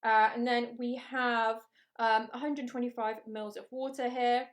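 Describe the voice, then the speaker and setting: Casting: a woman, fairly high voice, hosting a live cook-along, chatty and upbeat. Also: flat delivery, a little slow. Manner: chatty, upbeat, reads out viewer comments. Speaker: cooking show host.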